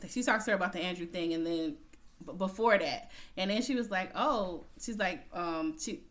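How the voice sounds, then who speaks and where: A woman's voice: on the low side, moderate pace, fairly bright tone. A woman casually recapping a TV episode in a chatty, slangy way, often laughing as she tells it. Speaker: TV recap vlogger.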